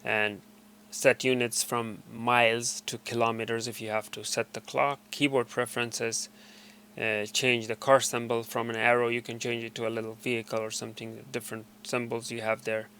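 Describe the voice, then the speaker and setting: A man's voice: medium pitch, level tone, normal speed, sharp tone, slight background noise. A man casually walking viewers through device settings step by step, with a loose, hesitant delivery full of fillers and restarts. He often stops mid-sentence and starts again. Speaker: tutorial presenter. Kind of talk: casual screen walkthrough.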